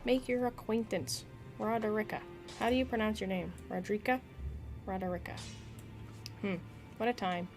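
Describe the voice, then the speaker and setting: A woman's voice: a little high, normal speed, music in the background. A woman streamer chatting casually and playfully while she plays a video game. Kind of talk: casual gaming stream chat.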